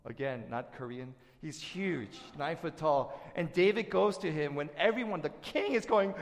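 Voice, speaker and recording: Animated male preacher in reverberant hall. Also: fairly high pitch, moderate pace. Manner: animated preaching, swings from hushed to loud. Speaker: pastor. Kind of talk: sermon.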